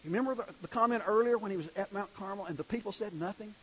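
A man's voice: high voice, racing, husky, dull audio. A male preacher giving a sermon in a conversational way, asking the congregation questions as he reads scripture.

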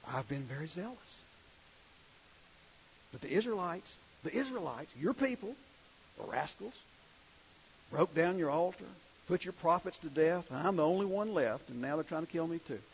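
A man's voice: fairly high pitch, animated, normal speed, pauses often, highs cut off, slight background noise. A male preacher voicing a weary, self-pitying old prophet who complains that he is the only one left.

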